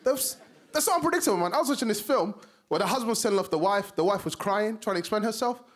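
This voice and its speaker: A young man from Somalia with a South London accent, performing an animated stand-up comedy set on a TV studio stage. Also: high voice, fast talker. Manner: animated, acts out characters in voices. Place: TV studio stage before a live audience. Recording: live audience laughter behind.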